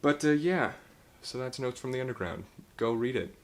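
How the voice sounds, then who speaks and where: A man's voice: medium pitch, expressive, normal speed. A young man casually reviewing a book, rambling and swearing as he retells the plot with laughs.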